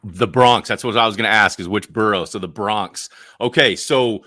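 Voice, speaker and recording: A man's voice: on the low side, normal speed, sharp tone, no echo, studio quality. A man hosting a podcast interview, reacting with short remarks and asking questions. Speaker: podcast host. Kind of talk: casual interview.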